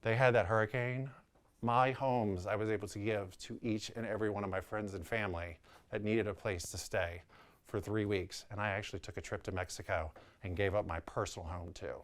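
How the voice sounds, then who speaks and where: The voice is fairly low and brisk: a man in his thirties, working in real estate, with a New Orleans accent. He tells an open, lively story about himself, quoting the people involved in their own voices.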